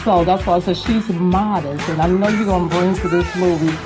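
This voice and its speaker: A woman co-host with a fairly low voice, warmly gushing over a guest. Music runs clearly under her. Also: a little fast. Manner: gushing, affectionate. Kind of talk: casual interview chat.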